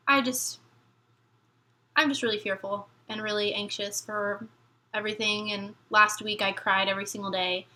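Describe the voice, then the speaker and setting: A young woman vlogging about her fears as a military spouse, rambling and halting, near tears. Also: mid-range voice, pushed and bright. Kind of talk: emotional personal vlog talk.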